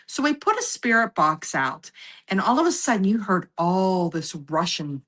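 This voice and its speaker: A woman's voice: mid-range voice, sing-song, normal speed, a bit bright. A woman telling a personal story in a casual podcast chat, acting out the voices of the people she quotes. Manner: acts out quoted voices, laughs while telling. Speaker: psychic medium guest.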